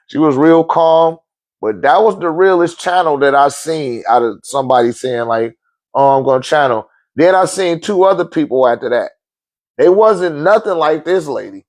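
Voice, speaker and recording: A man in his forties or older tells a long story in a loose, profane, animated way, laughing often. His voice sits a bit high for a man, and he jumps much higher when he acts out what people said. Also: normal speed, no echo. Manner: acts out quotes with sudden high-pitched outbursts. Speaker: podcast host telling a story. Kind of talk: casual storytelling.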